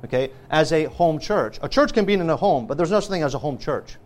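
High-voiced preacher teaching a doctrine class. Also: male voice, lively intonation, fairly quick. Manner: emphatic, listing scripture references point by point. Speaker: pastor. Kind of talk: sermon teaching.

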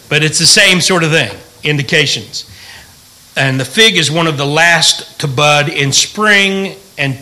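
A man's voice: fairly high pitch, pushed and bright, low-quality recording. A middle-aged man, a pastor, teaching the Bible in a folksy, joking way and asking the room questions.

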